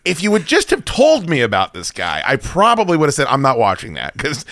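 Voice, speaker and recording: A man's voice: on the high side, huge pitch swings, a little fast, a bit bright, no room sound, clean studio sound. A man from the United States hosting a podcast, chatting casually in a rambling, profane, opinionated way. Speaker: podcast host. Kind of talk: casual chat.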